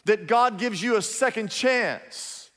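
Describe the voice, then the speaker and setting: A man's voice: high voice, slow, a bit bright, big-room sound. A man preaching a sermon, telling a story emphatically with lots of repetition.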